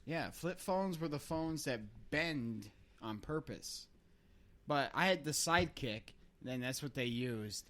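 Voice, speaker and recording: A man's voice: fairly high pitch, lively intonation, measured pace, fairly bright tone. A young man tells a long, loose story to his friends on a podcast. He swears freely and laughs along with his own tale, in an easygoing, chatty way. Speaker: podcast host. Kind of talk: casual storytelling.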